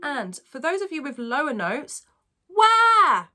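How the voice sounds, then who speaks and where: A woman vocal coach teaching a singing lesson, explaining technique and demonstrating squeaky sung vowels. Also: sing-song, moderate pace, music in the background.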